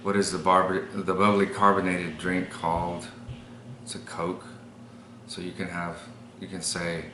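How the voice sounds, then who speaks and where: A man's voice: low-pitched, little pitch movement, a little slow, sharp tone, slight background noise. A man from El Paso with an El Paso accent, reading accent-tag questions and explaining his accent in a matter-of-fact way. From El Paso, Texas. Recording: roomy echo.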